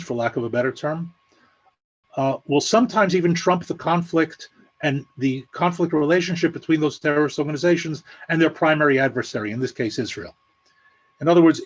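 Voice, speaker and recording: Male analyst with a fairly high voice, measured and explanatory, dry sarcastic asides; muffled lo-fi video-call sound. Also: slightly rough. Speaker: guest analyst. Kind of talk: spoken analysis at an online meeting.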